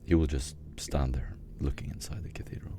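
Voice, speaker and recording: A man narrating a tabletop role-playing game as game master, describing scenes in an unhurried way with fillers. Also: rumbling low, steady tone, warm tone, in a whisper.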